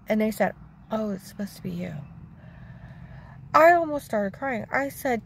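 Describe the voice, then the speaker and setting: An older woman with a gravelly voice tells a rambling, aggrieved story in a chatty tone. She keeps circling back and voicing what others said. Faint noise sits under the recording. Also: mid-range voice, expressive, measured pace. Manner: chatty, aggrieved, repeats herself, acts out quotes.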